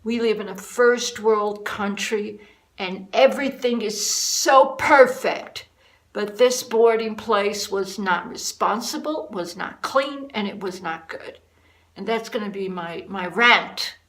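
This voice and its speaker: A woman's voice: mid-range voice, slow, fairly bright tone, rough recording. A woman vlogger delivering a furious, repetitive rant to the camera. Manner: furious, repeating herself, emphatic.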